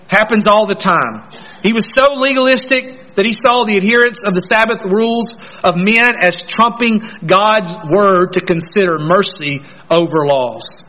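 A pastor preaching a sermon, earnestly putting questions straight to the congregation. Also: male voice, high voice, bright, forceful tone, dull audio.

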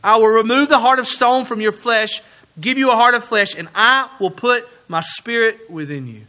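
Bright-voiced man preaching a sermon. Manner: earnest preaching, slowing and dropping low on key words. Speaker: pastor.

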